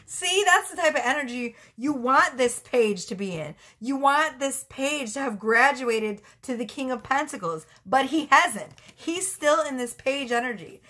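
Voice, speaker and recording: A woman's voice: sits high, animated, unhurried, pushed and bright. Blunt, profane woman reading tarot. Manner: blunt, profane and chatty, often breaking into laughter. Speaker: tarot reader.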